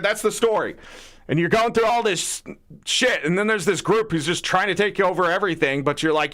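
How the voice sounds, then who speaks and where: High, lively, bright-voiced ranting man. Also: moderate pace. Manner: profane, heated ranting with rhetorical questions. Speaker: livestream gaming host. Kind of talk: casual livestream rant.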